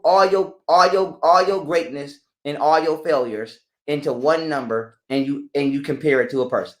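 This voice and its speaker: A man with a high voice lecturing his audience in blunt, profane terms. He sounds like he is talking live in a roomy, echoing space. His delivery is preachy and direct. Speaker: podcast guest. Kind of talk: casual live-stream talk.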